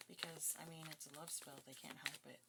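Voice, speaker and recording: A woman's voice: deep voice, steady tone, brisk, gravelly, heavy background noise. A woman giving a casual tarot reading, chatty and blunt, breaking into giggles and swearing now and then. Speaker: tarot reader.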